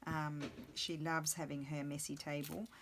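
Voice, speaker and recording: Middle-aged woman, low voice, rambling craft chatter, faint hiss behind. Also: little pitch movement, unhurried. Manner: chatty, rambling, talks to herself and her things. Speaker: crafting video host. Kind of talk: casual chat while crafting.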